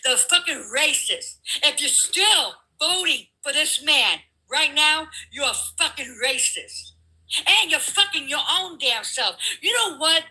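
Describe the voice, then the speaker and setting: A woman's voice: high voice, expressive, unhurried, pushed and bright, low-quality recording. A woman in a heated political argument, ranting with lots of profanity. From California.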